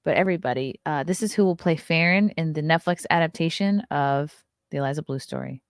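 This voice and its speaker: A woman's voice: low-pitched, brisk, no echo, clean studio sound. A woman, hosting a casual live stream, chatty and riffing, laughing often. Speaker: host.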